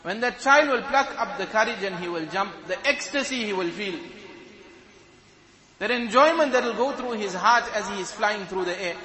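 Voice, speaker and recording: A man's voice: high voice, lively intonation, normal speed. A man preaching a sermon to a congregation, telling the story vividly. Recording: echoey hall with crowd behind.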